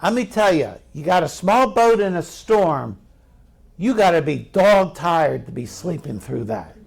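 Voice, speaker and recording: Gravelly-voiced preacher, high and unhurried. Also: male voice, big pitch swings. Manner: conversational preaching with rhetorical questions to the congregation. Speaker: pastor. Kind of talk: sermon.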